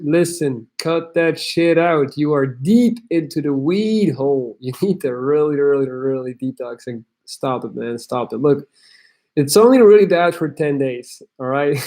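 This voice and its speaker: A man's voice: a little high, darkish tone. A young man from Belgium, hosting a livestream where he reads chat messages aloud and gives blunt, crude tough-love advice. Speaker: host.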